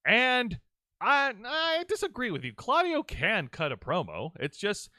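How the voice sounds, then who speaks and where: A man's voice: very high voice, huge pitch swings, a little slow, bright, forceful tone, dry recording, clean studio sound. A man co-hosting a wrestling review podcast, chatting casually in a rambling, playful way with frequent restarts. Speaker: wrestling show co-host.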